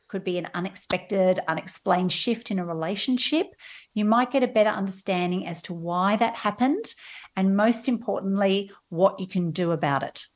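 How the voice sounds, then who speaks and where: Astrology lady on the radio, calm and reassuring, talks you through it. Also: mid-range voice, normal speed. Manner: reassuring, gently explanatory. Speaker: astrology coach. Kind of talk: radio horoscope reading.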